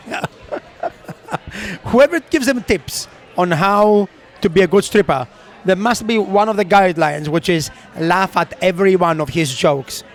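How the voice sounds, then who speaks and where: A man's voice: high voice, unhurried. A man co-hosting a podcast, telling a story in casual chat, acting out quotes and laughing often. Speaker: podcast co-host.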